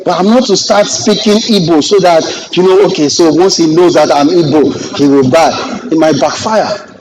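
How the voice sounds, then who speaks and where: A middle-aged Nigerian man teaching a real estate class, lively and joking, acting out exchanges with clients as he goes. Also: fairly high pitch, normal speed, over music, rough recording. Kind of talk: classroom lecture with anecdotes.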